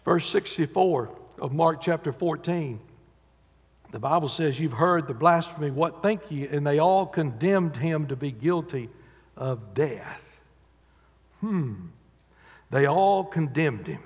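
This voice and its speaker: A male preacher delivers a dramatic sermon, his lively voice swinging from booming to hushed. His tone is somewhat husky, and his voice is higher than most men's. The dull, lo-fi recording carries the long reverb of a church sanctuary. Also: unhurried. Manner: dramatic, acts out quotes, swings from loud to quiet.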